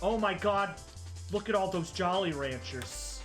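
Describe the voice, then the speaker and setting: A live streamer giving casual reaction commentary, excitable, gushing loudly and then trailing off into mumbles. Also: mid-range voice, measured pace. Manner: excitable, swings between loud gushing and mumbling. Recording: clear music under the voice. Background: background music.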